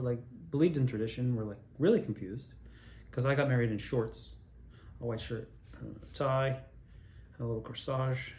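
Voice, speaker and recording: A storyteller from the Altoona area of Pennsylvania rambles through loose, digressive personal tales, cursing and laughing at himself along the way. His medium-pitched voice is warm and reverberant, with a little hiss or hum in the background.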